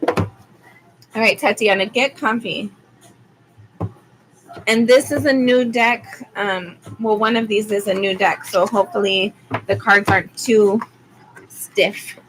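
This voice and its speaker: Noise fills the background as a medium-pitched woman from Arizona, an adult with school-age kids, talks slowly and pauses often. Her intonation stays fairly even while she gives a chatty, wandering tarot reading on a live stream, full of ums.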